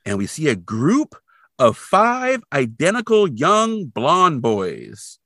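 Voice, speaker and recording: A man telling a story in a lively, swooping voice, bright and forward in tone. He recaps an episode in casual podcast chat and throws in playful sound effects along the way. The recording is close and dry, with no room sound. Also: on the high side, slow pace, no room sound. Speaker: podcast co-host.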